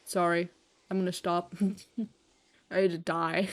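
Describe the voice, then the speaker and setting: A woman's voice: fairly low pitch, level tone, takes it slowly. A young woman live-streaming a game, chatting casually in a rambling way, full of fillers, freely swearing and poking fun at herself. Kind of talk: casual live-stream chat while gaming.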